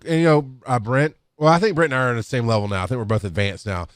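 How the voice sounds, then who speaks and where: Man, middle-aged, medium pitch, rambling casual stories, dry close podcast mic. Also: lively intonation, rapid-fire, hardly any pauses, dry recording. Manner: rambling, with restarts and acted-out quotes. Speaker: EMS instructor on a podcast. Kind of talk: casual storytelling talk. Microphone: podcast microphone.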